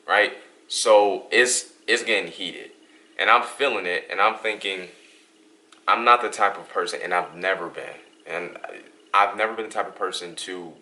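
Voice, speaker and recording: A young man from Western New York hosts a couple's vlog, telling a story in a casual, animated way. His voice sits very low, with a bright, forward tone. He acts out the lines of the people in his story. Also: moderate pace. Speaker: vlog host.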